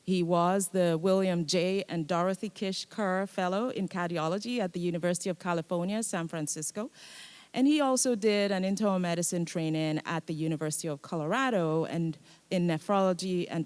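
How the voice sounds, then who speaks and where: A woman moderator at a symposium, reading a prepared speaker biography in a measured, formal way. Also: on the low side, darkish tone, no room sound. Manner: measured, reads a prepared bio.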